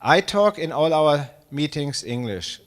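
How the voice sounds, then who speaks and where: A man's voice: on the high side, expressive, measured pace. A man in his sixties from Germany with a German accent, speaking English at a live public talk as a space agency director, with many fillers and restarts. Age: 60s. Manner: hesitant, many fillers, self-deprecating.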